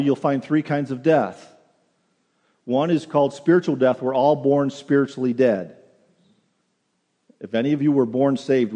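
Earnest pastor preaching in a reverberant hall. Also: male voice, mid-range voice, warm tone. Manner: earnest preaching, repeats words when restarting. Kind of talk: sermon. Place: church sanctuary.

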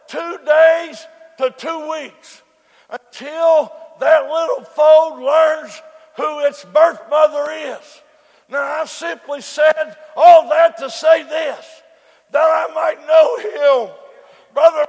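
A man preaches in a very high, gravelly voice, drawing out his words slowly. He shouts his lines, then drops to a low, quiet storytelling tone. The sound carries the long echo of a church hall, with a faint congregation behind him. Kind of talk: sermon.

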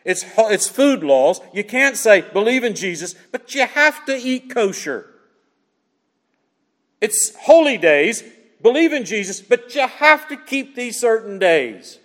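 Lively, high-pitched preacher in a big hall. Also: male voice, unhurried. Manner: emphatic, rhetorical questions to congregation. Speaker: pastor. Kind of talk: expository sermon.

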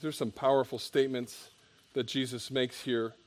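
A man preaching a sermon as pastor, reading scripture aloud and explaining it with emphatic rises and soft drops. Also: medium pitch, little pitch movement, normal speed.

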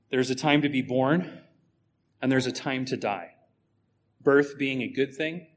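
A man's voice: medium pitch, fairly bright tone. Emphatic male preacher giving a sermon. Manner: emphatic, with rhetorical questions to the congregation.

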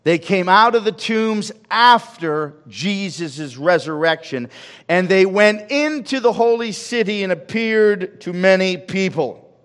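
A man preaching a sermon as pastor, swinging from loud calls to hushed asides. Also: sits high, animated, a little slow. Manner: preaching with sweeping rises and drops in volume. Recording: long reverb of a large hall.

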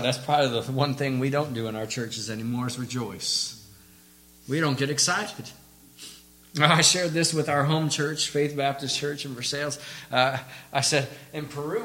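A man preaching a sermon as a visiting missionary, impassioned and swinging from soft to loud emphasis, chuckling between points. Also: on the high side. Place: church sanctuary. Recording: echoey church room.

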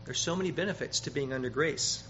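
Brief: male preacher, bright slightly high voice, emphatic sermon delivery, dull lo-fi recording with faint hiss. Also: fast. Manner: emphatic, rises loud on quoted scripture, repeats words.

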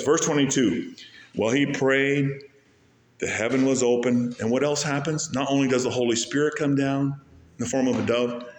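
A man's voice: roomy sound, slight background noise. Preacher man with sweeping dynamics. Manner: dramatic swings between loud rising peaks and soft low passages; slows way down to stretch key phrases. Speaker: pastor. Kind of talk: sermon.

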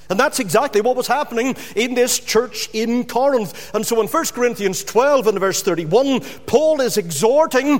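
A man preaching a sermon dramatically, swinging between loud emphasis and hushed drops. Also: sits high, in a large hall.

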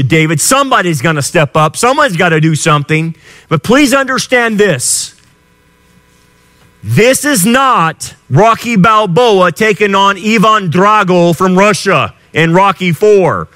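A middle-aged male pastor preaching a sermon with passion, swinging from quiet lines to shouted ones. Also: high voice.

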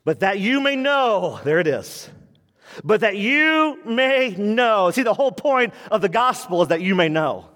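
A man preaching a sermon to his church, animated, acting out quoted voices and laughing often. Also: high voice, moderate pace, few pauses, in a large hall. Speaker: pastor.

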